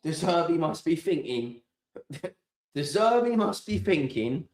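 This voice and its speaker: Ranting man with a lively voice. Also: a little high, slow pace. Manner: exasperated ranting, swears freely. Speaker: fan streamer hosting a watchalong. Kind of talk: live football watchalong commentary.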